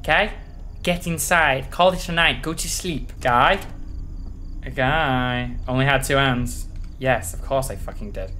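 A man's voice: mid-range voice, measured pace, bright, forceful tone, slight background noise. A man giving panicky, profanity-filled commentary while playing a horror game. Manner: jumpy, swears a lot, panicky reactions. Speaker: gaming channel host.

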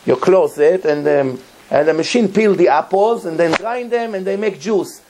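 A man's voice: high-pitched, normal speed, mellow. A man, a rabbi giving a Torah lecture, telling a story emphatically and repeating words for effect.

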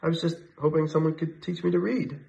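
Man reading as a soft-spoken, curious storybook bear, hushed and earnest; muffled lo-fi audio. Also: on the high side, steady tone, fast, vocal fry, voice pushed up. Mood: eager. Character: gentle curious male bear, wistful and polite. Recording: slightly muffled lo-fi sound.

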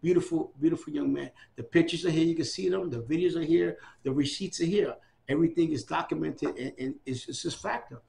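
A middle-aged man telling his story in a relaxed oral history interview. His voice is a little higher than most men's, with a gravelly fry. He is animated and slips into the voices of the people he quotes. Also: a little fast. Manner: animated, acts out quoted dialogue.

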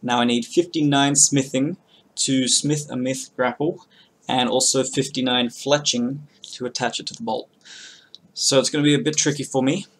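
A young man talks through his gameplay in a loose, casual way, swearing freely and getting loud and excited over good drops. His voice sits at a middling pitch for a man, with a faint hum of noise behind him. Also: normal speed. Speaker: gaming channel host.

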